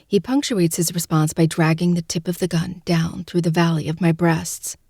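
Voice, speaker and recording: Husky, gravelly woman narrating an audiobook. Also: on the low side, steady tone, normal speed, mellow, dry recording, clean studio sound. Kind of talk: first-person audiobook narration.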